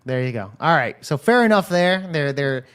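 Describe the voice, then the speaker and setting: A man's voice: a little high, animated, normal speed, fairly bright tone, smooth. A man from South Texas hosting a casual reaction stream, joking with chat, swearing and laughing often. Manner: profane, joking, laughs a lot. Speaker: stream host.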